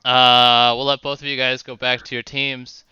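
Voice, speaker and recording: Bright, crisp-voiced guy casting esports. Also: medium pitch, normal speed, no room sound, lo-fi sound. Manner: lively, laughs a lot, swears casually. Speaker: esports caster and host. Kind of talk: casual streamed esports commentary.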